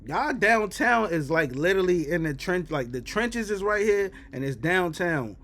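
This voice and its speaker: A man telling a story in casual chat, animated and jumping into loud, high exclamations. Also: normal speed. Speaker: reaction streamer.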